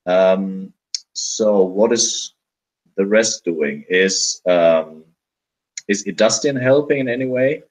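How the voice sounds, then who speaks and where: A man guides the players through a tabletop game, taking his time. His voice sits low and his delivery is slow and halting, full of fillers as he works out each ruling. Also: lively intonation, low-quality recording. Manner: hesitant, many fillers and restarts. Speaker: game master. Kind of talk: running a tabletop game over a call.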